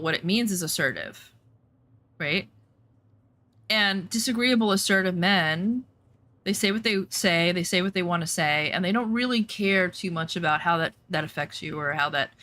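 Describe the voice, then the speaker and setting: A woman streamer chatting casually while playing, telling a story bluntly and swearing freely, acting out what people said. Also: on the low side. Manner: animated storytelling, acts out quotes.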